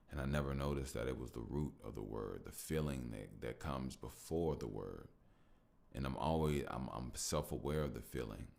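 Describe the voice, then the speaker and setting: A man with an extremely low, gravelly voice talks alone into the mic for his podcast audience. He reflects and grows emotional, repeating phrases and thanking listeners as he goes. His delivery is loose and heartfelt. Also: darkish tone. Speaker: podcast host. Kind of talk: reflective solo podcast talk.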